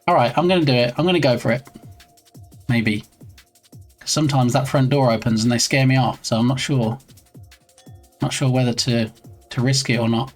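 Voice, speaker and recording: A chatty male streamer talks casually while working on his game, reading messages aloud in a playful, easygoing way. His voice sits at a middle pitch, and soft music plays faintly behind him. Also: expressive, normal speed, pauses often. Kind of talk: casual live-stream chat.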